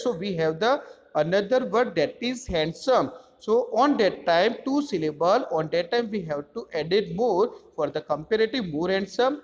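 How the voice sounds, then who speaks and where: A man's voice: high voice, long reverb tail. A man teaching a grammar lesson, explaining step by step and spelling out letters.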